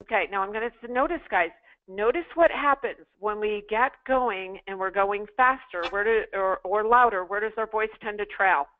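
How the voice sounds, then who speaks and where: A sales trainer with a medium-pitched voice, speaking at normal speed over crowd noise, teaches an interactive online class to callers. She coaches them through emphatic drills and repeats phrases for practice, all on a tinny, phone-like line.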